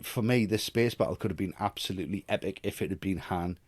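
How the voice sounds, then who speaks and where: A man's voice: sits low, fast, husky, no room sound. A man co-hosting a casual film podcast, ranting animatedly with swearing and jokes. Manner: animated, swearing, jokey rants. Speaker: podcast co-host.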